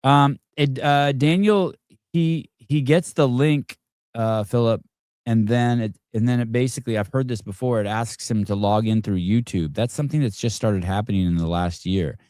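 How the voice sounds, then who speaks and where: A man's voice: medium pitch, normal speed, darkish tone, dry recording, clean studio sound. A man hosting a live stream, chatting casually in a rambling, joking way with frequent swearing. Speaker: podcast host.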